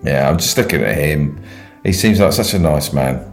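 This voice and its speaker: A man hosting a casual podcast, teasing his guest with deadpan questions. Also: a bass voice, moderate pace, soft background music. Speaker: podcast host.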